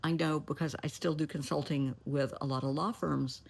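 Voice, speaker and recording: A middle-aged woman who works as a therapist gives folksy, straightforward advice to camera, calling listeners honey and sweetheart and occasionally going almost to a whisper for emphasis. Her low, slightly rough voice stays steady at normal speed, darkish and laced with vocal fry.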